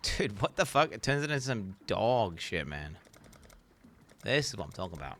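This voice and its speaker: A man streaming a video game, chatting casually with his viewers in an excitable, profane way. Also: fairly low pitch, normal speed, no room sound. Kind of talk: casual gaming commentary.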